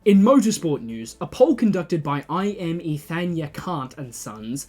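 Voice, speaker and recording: An Australian man hosting a satirical news parody in a sardonic, swearing, animated delivery. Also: fairly high pitch, measured pace, few pauses.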